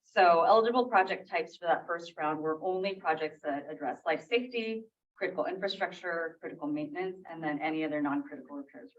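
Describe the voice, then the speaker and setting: Speaking fairly quickly in a lowish voice, a woman on the library staff delivers a relaxed update to a public meeting. She corrects herself along the way and shrugs off slips with a laugh. The recording, made in a meeting room, is distant, muffled and lo-fi.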